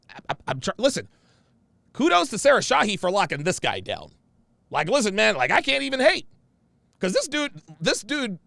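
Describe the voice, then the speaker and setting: Lively, gravelly man hosting a stream. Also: high voice, no room sound. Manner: blunt, slangy, repeats phrases for emphasis. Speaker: livestream host reading viewer comments. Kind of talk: casual livestream commentary.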